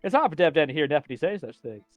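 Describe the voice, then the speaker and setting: A man's voice: a little high, sing-song, fast, no echo, narrow, tinny audio, soft background music. A man bantering playfully, talking about himself in the third person in a mock-solemn way. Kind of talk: playful role-play banter.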